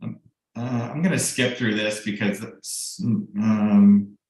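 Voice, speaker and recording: A man's voice: on the low side, fairly even intonation, slow pace, a little mellow. A middle-aged man, a real estate broker and coach, giving a casual, explanatory team training with frequent ums and restarts over a video call. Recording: very echoey room.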